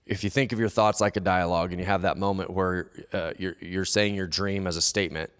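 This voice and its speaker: Low-voiced male pastor in reverberant hall. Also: fairly even intonation, fairly quick, fairly bright tone, clear, resonant tone. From United States. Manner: conversational, acts out quoted inner dialogue. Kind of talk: sermon. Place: church hall. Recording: long church-hall reverb.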